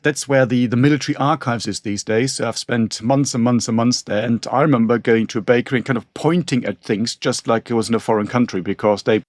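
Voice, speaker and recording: A man's voice: medium pitch, fairly quick, hardly any pauses, no room sound, clean studio sound. A man, a podcast co-host chatting casually about history in a rambling way with frequent restarts. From northern Germany. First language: German. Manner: rambling, many restarts and asides.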